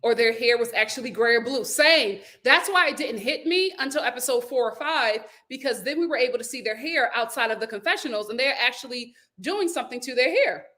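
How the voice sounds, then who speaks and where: A young woman hosting a casual live stream, reading viewer comments aloud and chatting in an animated way with frequent laughter. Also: a little high, a little fast, few pauses.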